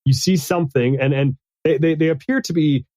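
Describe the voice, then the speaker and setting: A man running a tabletop game as game master, narrating in a halting way with many restarts and fillers. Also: fairly high pitch, darkish tone, dry recording, low-quality recording.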